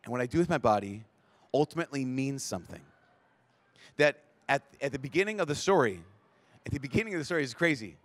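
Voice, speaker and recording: Fast-talking yet pausing often, a priest with a mid-range voice, recorded without echo, addresses a live conference audience at a big event. He animates his stories by acting out the people in them and frequently restarts sentences when excited.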